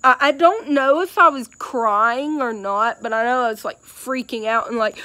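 A woman's voice: fairly high pitch, a little slow, pushed and bright, no room sound. A young woman telling a personal story in a casual, rambling way with many fillers and hesitations.

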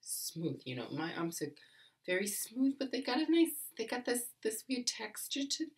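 A woman rambling through a comedic vlog monologue, repeating herself, swearing and often dropping to a hushed half-whisper, recorded at home on a computer's built-in mic. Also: on the high side, very animated, moderate pace, breathy edge. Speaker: comedic vlogger playing a mother. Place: home, indoors.

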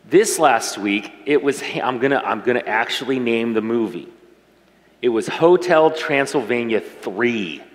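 A middle-aged man preaching a sermon as pastor, talking to the congregation in a warm, conversational and emotional way. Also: medium pitch, animated, measured pace. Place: church sanctuary. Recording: reverberant church hall.

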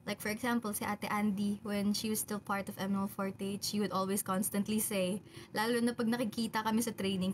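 A woman's voice: mid-range voice, fairly even intonation, brisk, a little hiss or hum. A young woman with a Filipino accent, chatting casually on a livestream, reading viewer comments aloud and answering them with frequent laughter. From Philippines. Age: young adult. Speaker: idol group member on a livestream. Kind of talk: casual livestream chat, mixing English and Filipino.

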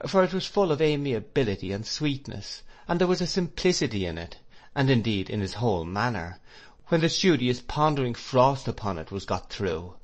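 A man narrating an audiobook in a measured, even storytelling manner. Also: medium pitch. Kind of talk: scripted narration.

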